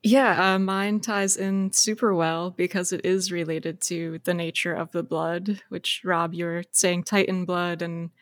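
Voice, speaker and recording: A woman in casual chat brainstorming a game setting, chatty and quick to laugh. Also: fairly low pitch, flat delivery, dry recording. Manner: chatty, laughs often, explains at a quick clip.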